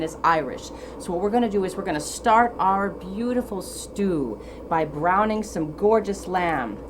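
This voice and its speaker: A woman's voice: fairly low pitch, noisy background. A woman guest chef giving a chatty cooking demonstration in a TV studio kitchen, explaining each step as she goes.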